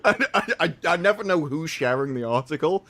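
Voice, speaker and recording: Wry man with a lively pitch. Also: fairly quick, dry recording. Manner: wry, sarcastic, quotes people in jokey voices. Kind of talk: casual chat.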